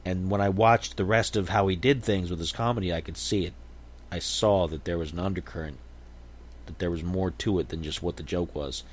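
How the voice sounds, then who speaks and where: A man hosts his podcast in a casual, reflective monologue. His voice sits a little low. He wanders through his thoughts and often restarts his sentences. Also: steady tone, brisk. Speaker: podcast host.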